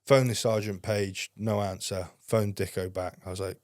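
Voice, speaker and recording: A man's voice: on the low side, fairly even intonation, normal speed, darkish tone, no room sound, studio quality. Sweary man telling army stories. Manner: heavy swearing, rambling anecdotes. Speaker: podcast guest. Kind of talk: casual storytelling.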